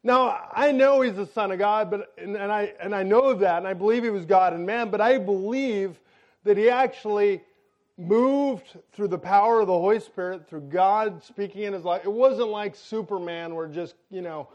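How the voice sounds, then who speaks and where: A pastor delivers his sermon as a lively story, playing the other people's lines in quick little voices. He is a middle-aged man with a high voice. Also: lo-fi sound. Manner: animated, jokey storytelling with acted-out quotes.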